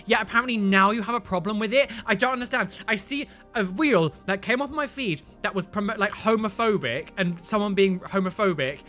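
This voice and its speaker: A man's voice: high voice, sharp tone. A man ranting to camera as a content creator, incredulous and exasperated as he reacts to comments. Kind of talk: casual reaction rant to camera.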